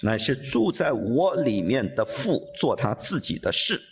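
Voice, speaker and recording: A man's voice: mid-range voice, a little slow. Stammering male interpreter in a hall. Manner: stammering repeats, animated when rendering quotes. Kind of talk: live sermon interpretation. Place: large conference hall. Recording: dull muffled sound, long reverb in a hall.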